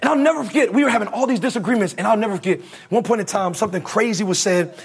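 A man's voice: high-pitched, rapid-fire, creaky, breathy edge. A male preacher giving a conversational, slangy sermon, leading the congregation in call-and-response.

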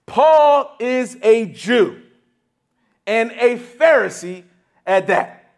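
A man preaching a sermon, teaching emphatically, restarting phrases and checking in with the congregation. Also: high-pitched. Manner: emphatic teaching with frequent restarts and rhetorical "right?".

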